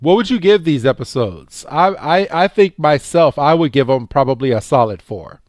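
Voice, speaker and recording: Recorded in a clean studio without echo, a man co-hosting a podcast animatedly retells a cartoon episode at a moderate pace. He raises his pitch and gets jumpier to act out the characters' lines, using many fillers and repeated words.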